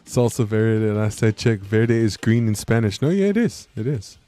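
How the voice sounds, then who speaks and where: A man's voice: on the low side, very animated, moderate pace, warm tone, dry recording, soft background music. A man chatting casually on a live stream. He argues brashly, swears freely, and keeps saying bro and dude.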